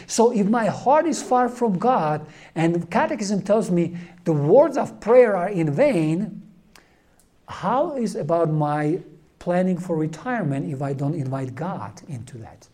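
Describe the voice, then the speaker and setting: Earnest man with a mellow voice. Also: high voice. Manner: earnest, halting, with many fillers and restarts. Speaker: lay Catholic speaker. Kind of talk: informal religious talk.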